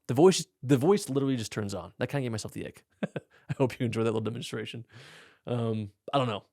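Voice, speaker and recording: A young man answers listener questions in a relaxed, frank podcast chat. His voice has a gravelly, crackly edge at a middling pitch and sounds dry and close to the mic. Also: quick pace, no room sound. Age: young adult. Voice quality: gravelly low voice. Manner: laid-back, frank, self-deprecating. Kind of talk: casual Q&A chat.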